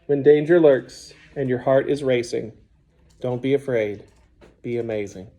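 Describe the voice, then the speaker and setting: A man's voice: mid-range voice, a little slow, warm tone, natural voice. A man voicing an earnest young boy in an audiobook, speaking plainly in his own voice. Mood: hushed. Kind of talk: audiobook character voice.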